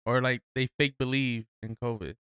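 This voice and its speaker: A man's voice: mid-range voice, steady tone, moderate pace, fairly bright tone, clean tone, no room sound, studio quality. Laid-back young man chiming in. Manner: laid-back, backs up the speaker with short interjections. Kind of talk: casual chat.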